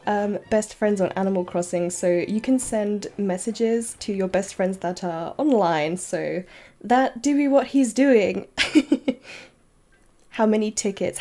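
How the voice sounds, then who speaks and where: A woman streaming a game live, chatting casually and giggling, with bursts of excited squeals. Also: medium pitch, slow pace. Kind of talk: casual live-stream chat while playing.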